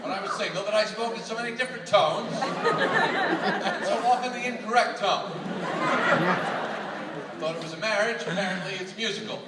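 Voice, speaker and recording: High-voiced comic in an echoey theatre. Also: male voice, animated, moderate pace, pauses often, heavy background noise. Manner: exasperated, emphatic delivery. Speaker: stand-up comedian. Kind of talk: stand-up comedy routine. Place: large theatre stage. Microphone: audience recording from far back. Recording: echoey hall from far off, loud crowd laughter. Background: loud audience laughter.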